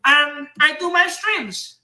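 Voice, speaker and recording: Bright heated Trinidadian man ranting. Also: extremely high pitch, takes it slowly, reverberant. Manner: rambling, repetitive, heated. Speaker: comic book seller and streamer. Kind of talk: defensive livestream rant.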